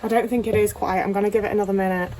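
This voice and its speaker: A woman's voice: mid-range voice, little pitch movement, racing, darkish tone, distant mic, a little hiss or hum. A young woman chatting anxiously to the camera while cooking in her home kitchen, questioning herself and swearing often. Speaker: vlogger. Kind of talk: casual cooking vlog talk.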